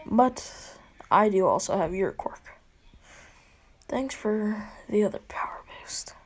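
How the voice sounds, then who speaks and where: A woman's voice: mid-range voice, lively intonation, slow. A woman voicing a cold, scarred half-robot teenage boy, often half-whispered. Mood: flat, cocky.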